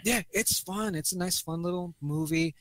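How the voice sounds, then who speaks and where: A man's voice: sits high, moderate pace, a bit bright, no room sound. Man, podcast co-host, casual movie talk, swears a lot, acts out quotes, dry room sound. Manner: rambling, profane, acts out quotes.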